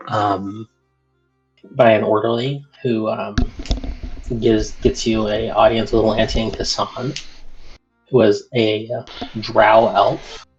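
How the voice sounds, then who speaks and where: Slow gravelly male game master. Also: lowish voice, highs cut off. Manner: halting, many ums. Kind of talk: narrating a tabletop game.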